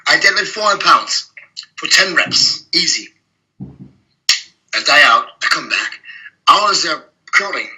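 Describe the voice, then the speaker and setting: A middle-aged man tells his gym stories as an interview guest. His voice sits a little high and comes out hard and forceful. He is blunt and swears freely as he spins his anecdotes. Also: slow, long pauses, poor audio. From Germany. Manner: blunt, profane, animated anecdotes with frequent laughs. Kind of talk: casual interview storytelling.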